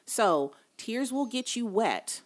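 A woman's voice: a little high, sing-song, slow pace. A woman in casual conversation, telling stories in an earnest, emphatic way.

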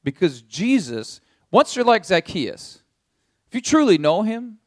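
A man's voice: high voice, measured pace, no room sound, studio quality. A man preaching a sermon as a pastor, telling the story vividly and speaking straight to his listeners. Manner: animated storytelling in second person.

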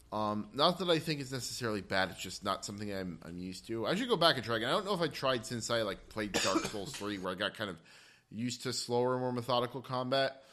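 Male podcast co-host, crisp bright tone, casual rambling delivery. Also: mid-range voice. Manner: rambling, many fillers and restarts. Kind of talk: casual gaming podcast chat.

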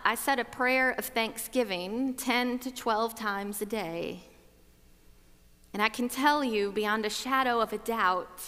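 A woman telling a personal story about gratitude in a slow, reflective, measured way. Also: on the high side, pushed and bright, in a large hall. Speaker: speaker.

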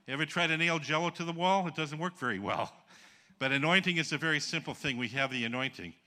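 A man's voice: on the high side, bright, forceful tone. A man from the Upper Peninsula of Michigan preaching a sermon, telling folksy stories and calling out to the congregation for answers. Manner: folksy, jokes with the congregation and calls for responses.

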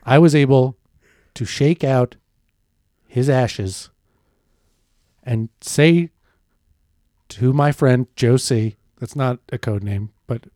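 Man, deadpan mock-solemn delivery, dry close mic, mid-pitched voice. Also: slow, pauses often, no room sound. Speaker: podcast co-host. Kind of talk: comedic casual chat.

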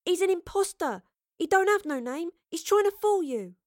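A woman's voice: a little high, moderate pace, no room sound, clean studio sound, close to an everyday voice. A woman voicing a defiant, streetwise young girl. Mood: protesting. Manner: blunt, cold, protesting. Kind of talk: audiobook character voice.

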